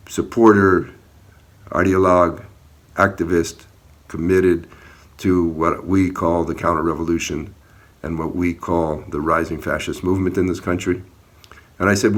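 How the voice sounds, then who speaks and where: A low-voiced man with a fairly bright tone describes an encounter he had outdoors. Speaking as an activist in a video, he's earnest and plain-spoken, occasionally getting heated.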